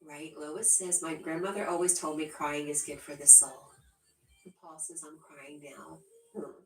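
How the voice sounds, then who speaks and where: A low-pitched woman chats through a livestream, reading viewer comments aloud and laughing often as she answers them. She sits back from the mic, and her voice bounces around a roomy space. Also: fairly even intonation, unhurried. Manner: giggly, laughs often between remarks. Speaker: livestream host. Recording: roomy echo, distant from the mic.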